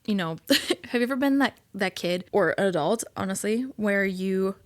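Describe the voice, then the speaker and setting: A woman's voice: mid-range voice, expressive, moderate pace, no echo. A woman, hosting a casual solo podcast in a chatty, giggly way with lots of fillers. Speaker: podcast host.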